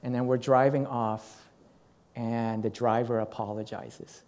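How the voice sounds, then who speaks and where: A middle-aged man preaching, telling a personal story in an animated way and acting out what people said. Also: medium pitch, unhurried. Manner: animated storytelling with acted quotes. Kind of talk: sermon storytelling.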